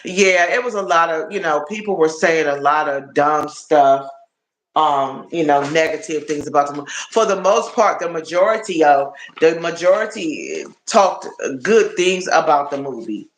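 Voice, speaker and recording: Rambling livestream guy, kinda high voice, echoey room, keeps repeating himself. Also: lively intonation, normal speed, fairly bright tone, a little hiss or hum. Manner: rambling, repeats words, chats with viewers. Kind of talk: casual live stream chat. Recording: roomy echo.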